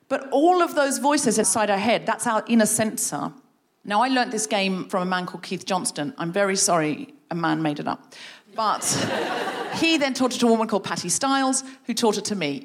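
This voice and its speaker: A woman guest leading a playful creativity game for a live audience, encouraging and animated. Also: mid-range voice. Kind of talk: live comedy podcast workshop. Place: stage before a live audience.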